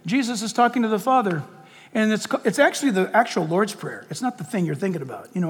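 High-voiced impassioned preaching man. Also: animated, fast, big-room sound. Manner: impassioned, rhetorical questions, swings from loud to quiet. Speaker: pastor. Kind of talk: outdoor sermon.

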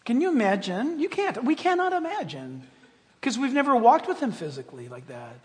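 A man preaching a sermon as a pastor, playful and animated, dropping to hushed asides and rising to shouts. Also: extremely high pitch, fairly quick. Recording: long hall reverb.

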